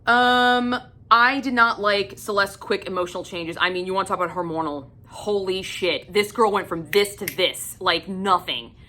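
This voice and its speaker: A woman's voice: mid-range voice, fairly even intonation, moderate pace, bright, forceful tone. A woman giving a casual, blunt and profane book review, venting in exasperated rants.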